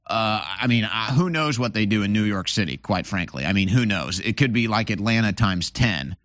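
A man's voice: fairly low pitch, expressive, normal speed, a bit bright, dry recording, studio quality. A man hosting an interview, talking in a rambling, opinionated way with lots of restarts. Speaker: host. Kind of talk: casual interview talk.

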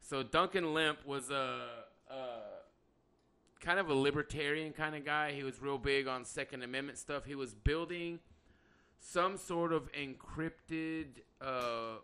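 A man's voice: a little high, a little slow, sharp tone, smooth. Blunt, profane man in casual chat. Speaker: podcast host; electrician by trade.

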